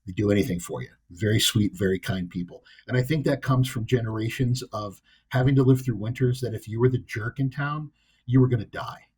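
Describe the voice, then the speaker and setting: Speaking fairly quickly in a husky, slightly mellow voice of medium pitch, the man co-hosts a podcast and chats casually. He's from the US East Coast and tells his story bluntly, wryly, and at his own expense.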